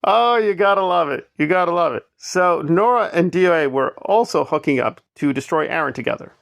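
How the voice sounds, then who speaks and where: A man's voice: fairly high pitch, animated, brisk, vocal fry, fairly bright tone, no room sound, clean studio sound. A man giving opinionated, sarcastic commentary, emphatic and repetitive as he makes his points. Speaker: commentary vlogger. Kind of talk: opinionated commentary on online drama.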